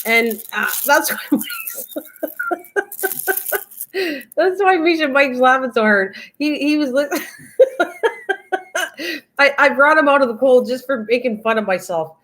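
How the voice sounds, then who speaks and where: A woman's voice: sits high, wildly swooping pitch, a little slow, pauses often, a bit bright. An older woman hosting a casual craft livestream, chatting in a rambling way and laughing often as she talks to viewers by name.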